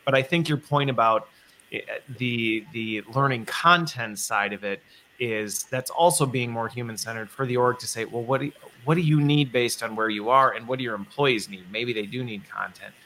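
Bright-voiced man hosting a conversation. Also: medium pitch, normal speed, a little hiss or hum. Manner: thinks aloud, restarts and rephrases. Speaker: podcast host. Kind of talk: conversational interview.

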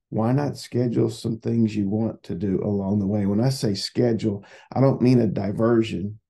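A male therapist talks on his solo podcast with a low, gravelly voice. His tone is dark and somewhat husky. He rambles in a conversational way and often repeats himself. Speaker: psychotherapist podcast host.

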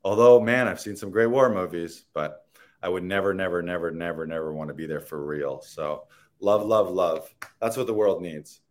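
Male actor, interview guest; rambling, earnest, playful, fairly low voice. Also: normal speed. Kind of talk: casual conversational interview.

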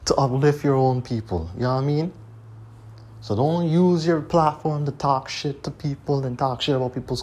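A man's voice: mid-range voice, a little mellow. A man hosting a solo podcast, talking casually and bluntly and ranting, with "you know what I'm saying" in nearly every sentence. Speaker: podcast host. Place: Toronto.

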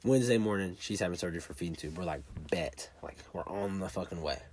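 A man telling a personal story in a blunt, profane, fast-talking way. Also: low-pitched, a little mellow, slight background noise.

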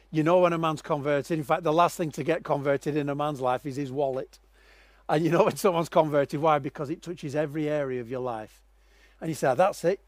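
A man preaches a sermon, telling stories dramatically and swinging from quiet, low passages to loud, raised ones. There is no room sound.

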